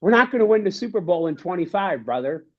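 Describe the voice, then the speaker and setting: A man's voice: sits high, big pitch swings, fast talker. Give me a fired-up, ranting male sports co-host, in dull lo-fi sound. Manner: fired-up, ranting, repeats himself. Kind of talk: sports talk.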